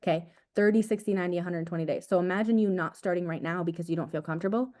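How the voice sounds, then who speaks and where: Fast-talking young woman coaching her team. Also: fairly low pitch. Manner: energetic, repetitive, casual slang like "dude" and "guys". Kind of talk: motivational team talk.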